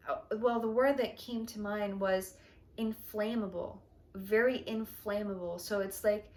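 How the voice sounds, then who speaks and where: A woman gives a tarot reading at an unhurried, drawn-out pace. Her voice sits at a middling pitch and stays gentle and hushed, now and then sinking almost to a whisper as she muses. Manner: slow, soft and dreamy, often dropping to a near whisper. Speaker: tarot reader. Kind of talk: intuitive tarot reading monologue.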